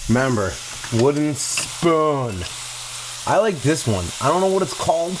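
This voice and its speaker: A man in his forties cooking in his home kitchen, joking to himself and breaking into playful sing-song shouts. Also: fairly high pitch, very animated, measured pace. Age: 40s. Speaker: cooking vlogger. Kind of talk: goofy home cooking vlog. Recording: faint kitchen noise, sizzling pan.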